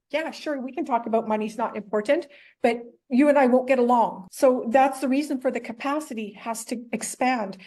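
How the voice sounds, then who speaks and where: A middle-aged woman speaking as an interview guest, earnest and openly emotional. Her voice sits a bit high, and she keeps turning her points into rhetorical questions. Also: moderate pace, a little mellow. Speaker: podcast guest, entrepreneur. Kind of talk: candid interview answers.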